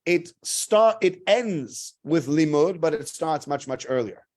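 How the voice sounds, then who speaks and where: A man's voice: a little high, expressive, slow. A middle-aged man, a rabbi giving a casual sermon, telling stories in a chatty way and acting out the people in them. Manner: chatty storyteller, acts out quotes, laughs often.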